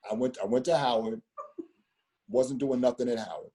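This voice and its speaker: Middle-aged storyteller, fifties, husky and dark-toned, loose rambling delivery full of slang and restarts. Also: male voice, medium pitch, steady tone, moderate pace. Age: 50s. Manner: rambling, repeats words, street slang. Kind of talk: casual storytelling conversation.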